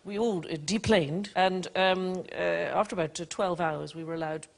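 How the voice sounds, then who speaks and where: A woman on a panel show telling a story haltingly, with many fillers. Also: on the low side, fairly even intonation. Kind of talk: anecdote telling.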